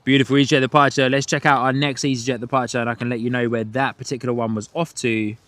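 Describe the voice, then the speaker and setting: His mid-range voice stays level and fairly bright as he talks quickly, with no room sound. A British man with an Australian and New Zealand twang, he hosts a live plane-spotting stream outside at an airport and often chats and laughs while reading viewers' messages.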